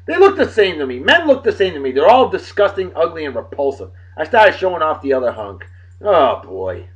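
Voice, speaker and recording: A man hosting a daily beer and song show in a rowdy, casual way, loud and excitable, swearing and joking, swinging from shouting to muttering. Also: a little high, normal speed, highs cut off.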